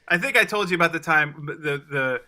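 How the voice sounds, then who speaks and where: A man on a podcast, telling a story in casual chat, halting and self-deprecating, full of restarts. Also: on the high side, expressive, pushed and bright. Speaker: podcast co-host.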